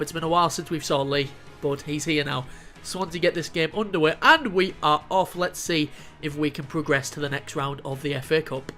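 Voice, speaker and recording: A young man casually commentating his own football video game, excitable and sweary, calling the play as it happens. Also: fairly high pitch. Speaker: gaming YouTuber.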